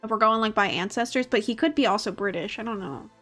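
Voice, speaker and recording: A woman's voice: mid-range voice, quick pace, fairly bright tone, faint music behind. Chatty young woman streaming a game. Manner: rambling, swears casually, laughs often. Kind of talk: casual game-stream chat.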